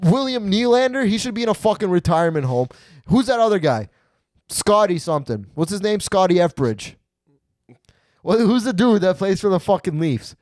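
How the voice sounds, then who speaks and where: A man from Canada hosting a podcast, ranting and swearing in casual chat. His voice sits a little high for a man and swings between loud bursts and tired mumbles. The close mic gives a dry, flat sound. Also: normal speed, no echo. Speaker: podcast host.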